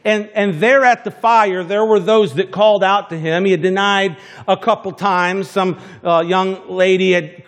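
A pastor with a high voice delivers a sermon. He talks to his congregation in a chatty, conversational way, with frequent restarts and little asides. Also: steady tone, measured pace, hardly any pauses, a bit bright.

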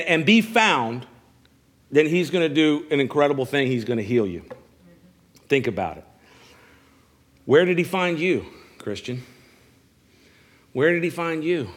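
Preaching man, rather high voice. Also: animated, measured pace, long pauses, a bit bright. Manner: preaching with call-and-response questions; repeats phrases, stammers on restarts. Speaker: pastor. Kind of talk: sermon. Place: church service.

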